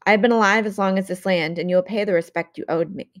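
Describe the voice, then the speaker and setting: A woman's voice: medium pitch, quick pace, dry recording, clean studio sound, lightly acted. A woman voicing an ancient, towering yew-tree monster that speaks in a stern, formal, commanding way while reading an audiobook.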